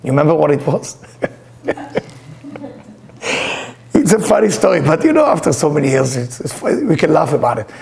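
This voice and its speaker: Gravelly animated spiritual teacher. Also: male voice, fairly high pitch, normal speed, pauses often. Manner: animated, acts out voices in his stories; uses non-native English grammar. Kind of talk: storytelling lecture.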